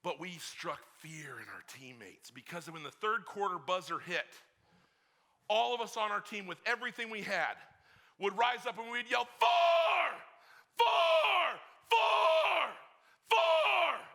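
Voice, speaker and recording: A male pastor preaches in a fairly high voice that swoops lively up and down. His tone is forceful and tense, and his storytelling swings from hushed lines to shouts. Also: normal speed. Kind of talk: sermon.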